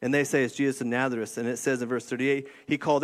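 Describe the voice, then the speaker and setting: A man's voice: medium pitch, little pitch movement, quick pace. A middle-aged man preaching a casual sermon as a youth ministry director, checking in with listeners with frequent "okay?" and "right?". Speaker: youth pastor.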